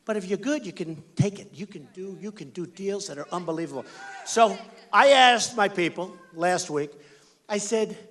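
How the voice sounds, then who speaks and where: High-voiced American man giving a rally speech. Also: normal speed, a bit bright. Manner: emphatic, repetitive, punchy. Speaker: political candidate. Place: large indoor rally venue.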